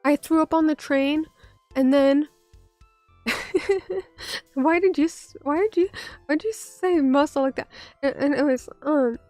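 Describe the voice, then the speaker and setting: A young woman streaming casually while hoarse from bronchitis. She rambles, cuts herself off, swears and talks back to her chat. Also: sits high, normal speed, dark tone, dry recording, faint music behind. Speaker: VTuber streamer.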